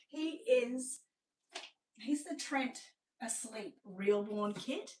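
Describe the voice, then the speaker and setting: An Australian woman hosting a live-stream sales showcase, chatty and gushing, often dropping to a hushed voice. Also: on the high side, takes it slowly, distant mic. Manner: chatty, gushing, drops to a hushed voice over sweet babies. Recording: roomy sound, away from the mic.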